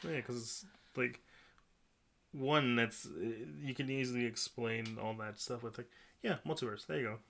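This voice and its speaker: A man's voice: medium pitch, moderate pace, creaky, a bit bright, a little hiss or hum. A man co-hosting a casual podcast, rambling and often restarting his sentences. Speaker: podcast co-host. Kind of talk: casual chat.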